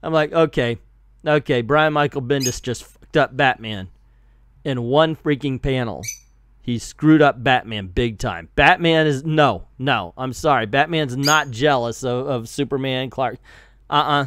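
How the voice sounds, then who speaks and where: A man's voice: medium pitch, dry recording. A middle-aged man giving a casual, blunt comic book review, full of strong opinions and mocking asides.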